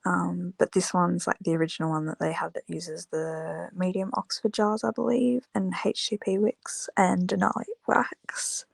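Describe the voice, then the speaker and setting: Woman, tired, creaky voice, slow rambling chat, dry close sound. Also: on the low side, fairly even intonation, no room sound. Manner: rambling, many fillers, unhurried. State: tired, yawning. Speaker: small-business candle maker vlogger. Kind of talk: casual chat to camera.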